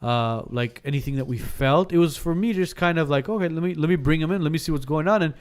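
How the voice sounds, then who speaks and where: A man in his thirties tells a ghost story in a casual podcast chat, animatedly acting out the dialogue and often restarting his sentences. His voice is smooth and fairly high-pitched, with a quick pace.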